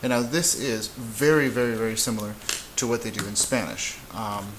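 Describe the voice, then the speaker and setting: A man teaching a casual whiteboard lesson, relaxed and halting, with frequent fillers and restarts. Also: fairly low pitch, noisy background. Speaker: Spanish teacher.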